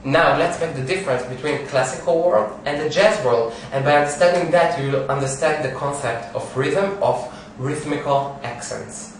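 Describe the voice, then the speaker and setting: A man's voice: a little high, recorded from a distance, slight background noise. A man giving a piano lesson, explaining rhythm, counting beats aloud and singing short phrases. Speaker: piano teacher. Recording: echoey room, piano, voice from off mic.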